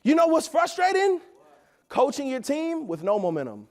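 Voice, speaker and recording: A man in his thirties giving an energetic, preachy motivational talk at a company event, often asking "right?". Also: extremely high pitch, normal speed.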